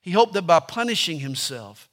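A male preacher delivering a sermon in a high, bright voice. He talks emphatically and repeats key scripture lines for force. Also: very animated, moderate pace.

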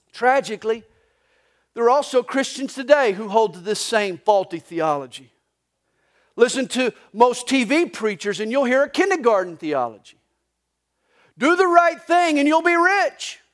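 High-voiced male pastor preaching. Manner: storytelling with jokes and anecdotes. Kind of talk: sermon. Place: church sanctuary during a live service.

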